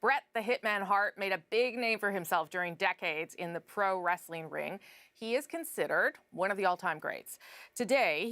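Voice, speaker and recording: A woman anchor reading scripted news items in a measured, even delivery. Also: mid-range voice, no room sound.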